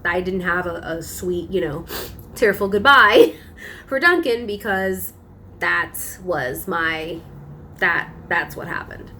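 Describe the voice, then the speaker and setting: Animated young woman telling a story. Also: fairly low pitch, slow pace, slight background noise. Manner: animated, emphatic retelling with frequent laughs. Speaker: vlogger. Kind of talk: casual storytelling.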